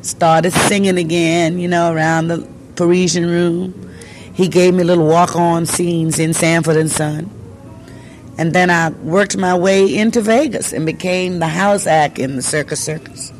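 An older woman, a singer, recounts her past in a relaxed interview. She tells it as an animated story and acts out the voices of the people she quotes. Faint music plays in the background. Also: on the low side, measured pace. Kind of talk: casual storytelling.

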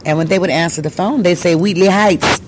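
An older woman, a singer, recounts her past in a relaxed interview. She tells it as an animated story and acts out the voices of the people she quotes. Faint music plays in the background. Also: on the low side, brisk. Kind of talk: casual storytelling.

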